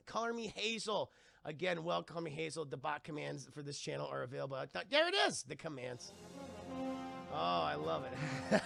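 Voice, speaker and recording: Young male streamer, excitable recap chatter, bright creaky voice. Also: fairly high pitch, normal speed, no echo, soft background music. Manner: rambling, excitable, chatting to viewers. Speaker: streamer reviewing a cartoon. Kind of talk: casual live-stream commentary.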